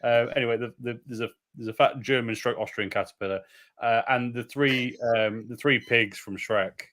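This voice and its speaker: A British man chats casually on a beer live stream. His talk rambles and his lines often trail off quietly in a self-deprecating way. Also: medium pitch, steady tone, moderate pace. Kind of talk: casual chat.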